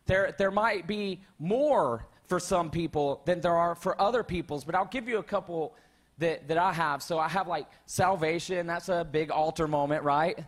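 A man's voice: fairly high pitch, moderate pace. A male pastor preaching a sermon to his church, conversational and calling out to the congregation. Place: church sanctuary.

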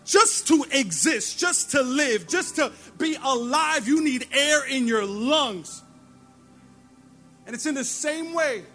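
A male pastor preaching a sermon in a church, telling animated stories and laughing at himself. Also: very high-pitched.

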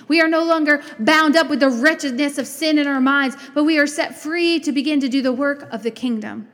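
A woman delivers an impassioned sermon in a high, bright voice. She builds through rising declarations and slows into soft, earnest prayer. A long reverb trails her words around a large hall. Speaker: preacher.

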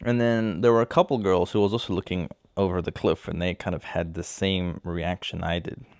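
A man's voice: deep voice, steady tone, a little fast, gravelly, no echo, clean studio sound. A young man casually telling a personal anecdote, rambling and correcting himself as he goes. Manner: rambling, self-correcting storyteller. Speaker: storyteller.

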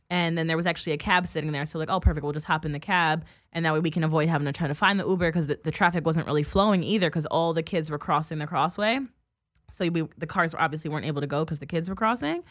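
A woman's voice: low voice, fairly bright tone, dry recording, studio quality. A young woman telling a heated story on a casual podcast, cursing freely. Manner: fast-talking. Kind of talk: casual chat.

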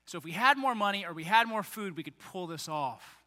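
Animated preacher in an echoing hall. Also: male voice, high voice, a little fast. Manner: animated, acts out quoted voices. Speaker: pastor. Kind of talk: sermon. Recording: long reverb of a large hall.

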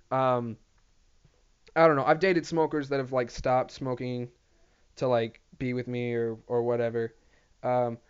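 A young man hosting his own show in a profane, rambling, self-deprecating solo rant. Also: mid-range voice. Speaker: podcast host. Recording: dull lo-fi recording.

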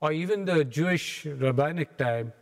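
Brief: male preacher, animated storyteller, fairly high voice, church with a long echo. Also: normal speed, creaky. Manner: animated storytelling, acts out scenes. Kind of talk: sermon. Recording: echoey hall.

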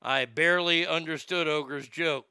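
A man hosting a live show, riffing on the news in a loud, profane, mocking rant full of stammers and jokes. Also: on the high side, fairly even intonation, a little slow, clean tone, dry recording, clean studio sound. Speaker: live show host reading chat.

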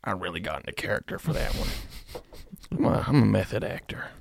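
A man's voice: lowish voice, big pitch swings, fairly quick, creaky, slight background noise. A man co-hosting a comedy podcast, trading provocative jokes in casual banter. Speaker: podcast co-host.

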